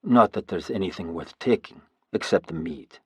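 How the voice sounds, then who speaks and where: A man voicing a sneering young male Norse warrior with a light, husky tone in an audiobook. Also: sits low, moderate pace, a little mellow, no room sound.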